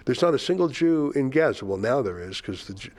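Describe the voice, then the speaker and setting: A man's voice: medium pitch, expressive, fairly quick, darkish tone. An older man hosting a political commentary show, sarcastic and indignant as he mocks the statements he reads out.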